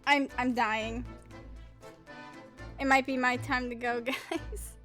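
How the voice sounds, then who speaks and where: A woman's voice: high-pitched, steady tone, slow pace, sharp tone. A woman streaming a game live, chatty and self-interrupting as she reads the game text aloud. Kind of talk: live game playthrough commentary. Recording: game music under the voice. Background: game music.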